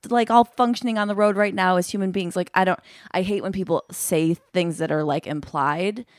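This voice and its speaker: A woman's voice: lowish voice, a little fast, no echo, clean studio sound. A woman hosting a podcast, talking in a frank, sarcastic and profane way. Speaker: podcast host. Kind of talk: candid podcast chat.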